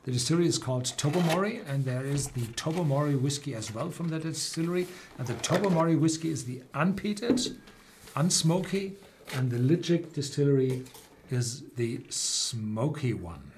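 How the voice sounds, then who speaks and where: A man, a German native speaker, hosting a whisky tasting livestream and explaining the regions with many pauses and restarts. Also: fairly high pitch, animated, background noise. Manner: hesitant, many fillers and restarts.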